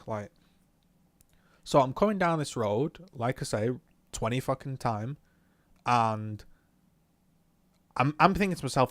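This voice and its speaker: A young man telling a story in a swearing, animated rant about a driving lesson, talking from his car. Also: medium pitch, measured pace, pauses often, no room sound. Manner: swears often, animated retelling. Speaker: vlogger. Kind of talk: casual ranting recount while driving.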